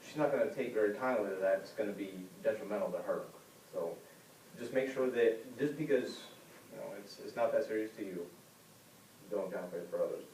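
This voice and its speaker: A man's voice: brisk, darkish tone, slight background noise. Man giving a classroom speech, heard from afar. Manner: conversational, acts out quoted people with big pitch jumps. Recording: roomy classroom heard from a distant camera.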